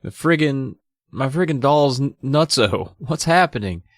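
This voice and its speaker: A man's voice: medium pitch, expressive, measured pace, no echo, studio quality, voice pushed up. A man voicing a frightened young girl who is crying and pleading. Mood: panicked. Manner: panicked, pleading.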